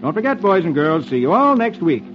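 A man hosting an old radio show, reading comics aloud as a jolly, animated storyteller. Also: high-pitched, brisk. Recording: dull lo-fi old radio recording with music. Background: music.

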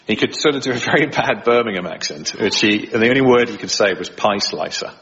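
A man's voice: medium pitch, fast talker, lo-fi sound, background noise. A man, an impressionist, chatting in a radio studio interview, laughing often as he talks. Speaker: impressionist guest. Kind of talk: conversational interview.

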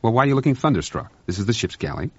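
A man voicing a harried, exasperated ship's officer, insistent and brisk, on a dull, dry lo-fi recording. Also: mid-range voice, big pitch swings, breathy edge, no echo, pitched above the performer's own voice.

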